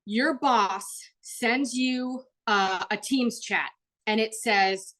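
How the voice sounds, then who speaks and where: A woman leading an online workshop, heard through a video call microphone. She talks in a loose, chatty way, leaning on "like" and "um". She jumps high in pitch whenever she acts out the people she quotes. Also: slow pace, a bit bright. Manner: chatty, frequent "like" and "um". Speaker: webinar presenter. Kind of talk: live online workshop talk.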